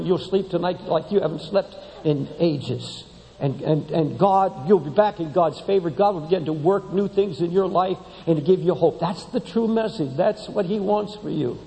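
A man preaching a sermon to a congregation, impassioned and emphatic, often rising high as he drives a point home. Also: mellow. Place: large church sanctuary. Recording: long hall reverb in a church.

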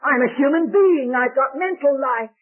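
A man's voice: very high-pitched, moderate pace. A man voicing a cheeky little boy who brags while riding an elephant. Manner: cheeky, boastful. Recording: tinny old lo-fi recording.

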